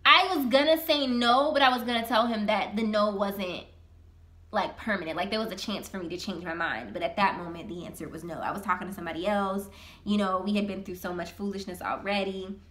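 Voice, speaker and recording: A young woman vlogger telling a personal story in a casual, animated, slangy way. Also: medium pitch.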